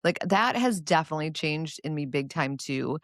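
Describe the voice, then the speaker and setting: A woman speaking as a guest in a casual interview. Her voice sits low, and her tone is earnest and encouraging. The recording is dry and close. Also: animated, normal speed, a bit bright, no echo. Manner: earnest, encouraging, advice-giving. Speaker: guest, cancer survivor.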